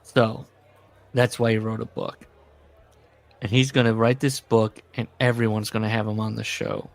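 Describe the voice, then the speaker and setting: A man's voice: fairly low pitch, flat delivery, normal speed, gravelly. A man co-hosting a podcast, casually reading book passages aloud with sarcastic commentary. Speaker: podcast co-host.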